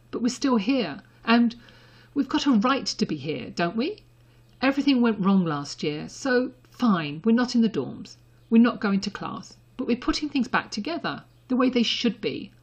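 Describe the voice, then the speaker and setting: A woman reading the part of an anxious young man, speaking earnestly and urgently, her pitch lifting above her narration. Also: sing-song, unhurried, breathy edge, lo-fi sound, heavily acted. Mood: pleading. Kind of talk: audiobook character reading.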